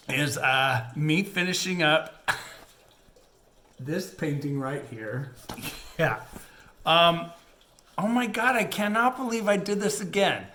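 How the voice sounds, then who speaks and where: A man's voice: fairly high pitch, slow pace, long pauses, pushed and bright, roomy sound. A middle-aged man chatting casually to viewers while he works on a diamond painting, rambling and laughing often. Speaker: crafting channel host.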